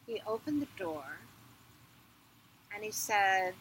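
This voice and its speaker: A woman telling a myth at an outdoor fire circle, dramatic, with loud swells in her voice. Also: medium pitch, a little slow, pauses often, heavy background noise. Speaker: storyteller. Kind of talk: oral storytelling at a ritual.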